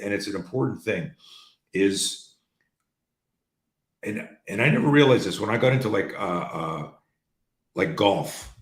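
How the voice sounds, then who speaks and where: A man with a very low voice tells stories casually and with energy. He restarts his sentences often and swears freely. He sounds like he is in a roomy space with a clear echo. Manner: animated, profane, restarts often. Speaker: host. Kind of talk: casual storytelling talk.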